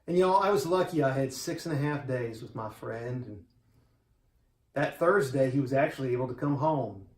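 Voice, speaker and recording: A man in his forties stands in a church and gives a eulogy for a dear friend. His voice sits at an ordinary middle pitch, and he tells the story in a quiet, heartfelt, conversational way. The sanctuary adds a roomy echo to every word. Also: normal speed. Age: 40s.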